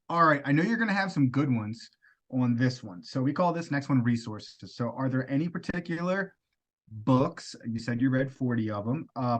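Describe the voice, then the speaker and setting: A man co-hosting a podcast, talking candidly and loosely about his own mistakes. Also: mid-range voice. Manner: candid, loose, self-deprecating. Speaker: podcast co-host. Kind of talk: casual podcast chat.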